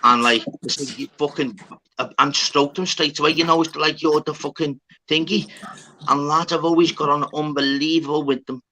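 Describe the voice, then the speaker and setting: A man's voice: on the high side, steady tone, a little fast, sharp tone, low-quality recording. A man telling a rambling, sweary story in casual chat. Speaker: podcast talker.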